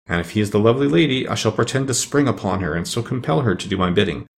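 A man's voice: lowish voice, expressive, fast, gravelly. A man voicing a cowardly male lion who blusters and pleads in a storybook reading. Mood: boastful. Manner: boastful, pleading.

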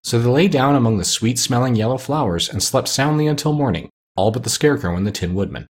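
A man narrating a storybook reading in a steady, measured way. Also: medium pitch.

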